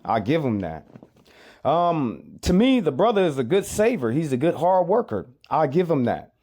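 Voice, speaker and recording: A man's voice: fairly high pitch, very animated, normal speed, mellow. A man giving reaction commentary on a clip, emphatic and repetitive, often asking rhetorical questions.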